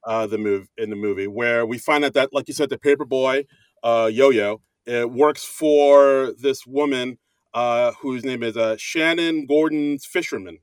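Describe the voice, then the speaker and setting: A man's voice: medium pitch, clean tone, dry recording. A man speaking in a mid-range voice on a dry, close mic. He stammers and restarts as he works through his thoughts. The talk is loose and conversational. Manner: halting, stammering, restarts often. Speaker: podcast co-host. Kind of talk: casual movie review chat.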